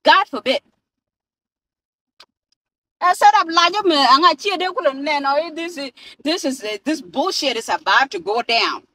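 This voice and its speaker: High-voiced South Sudanese woman ranting. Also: expressive, moderate pace, pushed and bright, a little hiss or hum, rough recording. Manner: ranting, swearing, mixing languages. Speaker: vlogger. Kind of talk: profane ranting vlog. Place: in a car. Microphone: phone camera.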